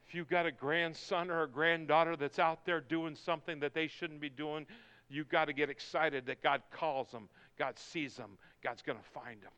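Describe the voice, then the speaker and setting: A male pastor preaching a sermon, building from quiet talk to shouted, soaring lines. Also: a little high, steady tone, normal speed, smooth, lo-fi sound.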